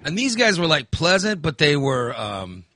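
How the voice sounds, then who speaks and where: Animated storytelling man, bright voice. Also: on the high side, moderate pace, dry recording, clean studio sound. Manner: animated storyteller, acts out voices, swears freely. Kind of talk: casual storytelling chat.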